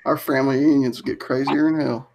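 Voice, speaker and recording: A man's voice: medium pitch, little pitch movement, a little fast, gravelly, background noise. A man co-hosting a live stream, telling profane stories in a casual way and laughing through them. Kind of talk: crude casual storytelling.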